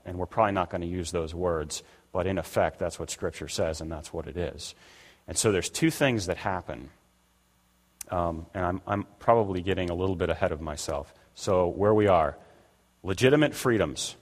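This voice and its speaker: A man's voice: deep voice, moderate pace. An older man preaching a conversational sermon as pastor, acting out the voices he quotes. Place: church sanctuary. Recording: long reverb of a church hall.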